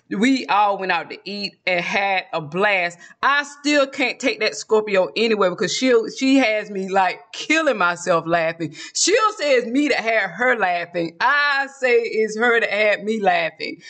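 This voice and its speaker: A man's voice: high voice, fairly bright tone. A man from South Georgia with a Southern Georgia accent, talking in a rambling, chatty vlog monologue and laughing often. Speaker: vlogger.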